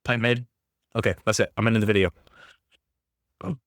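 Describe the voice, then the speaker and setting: A man's voice: on the low side, fairly even intonation, brisk, a bit bright, no echo. Guy crashing out on camera about a game, cursing nonstop, dead dry sound. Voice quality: heavy swearing, exasperated ranting. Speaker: gaming YouTuber. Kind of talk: ranting video commentary.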